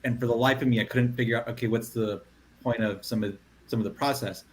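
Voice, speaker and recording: A man of middle pitch reflects aloud during a relaxed podcast chat. He tends to let his sentences fade softly as they end. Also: quick pace. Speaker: podcast panelist. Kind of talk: casual panel chat.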